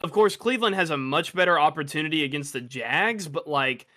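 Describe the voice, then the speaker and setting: A man's voice: a little high, animated, brisk, bright, forceful tone. A young man co-hosting a casual sports podcast, stammering and restarting his sentences, full of fillers. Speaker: podcast co-host.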